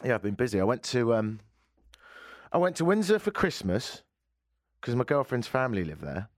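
A man's voice: mid-range voice, very animated, normal speed, no room sound, studio quality. Sarcastic British-born man hosting radio. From United Kingdom. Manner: wry, self-mocking, sarcastic asides. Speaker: radio show host. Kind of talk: casual chat show banter. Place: radio studio. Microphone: studio microphone.

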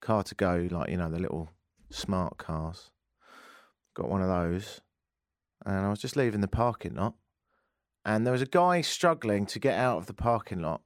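A man hosts a talk radio show, telling comic stories and jumping into voices for the people in them. His pitch swings widely as he goes. The sound is dry and close. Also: normal speed, pauses often, no room sound. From England. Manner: animated, acts out voices in his anecdotes.

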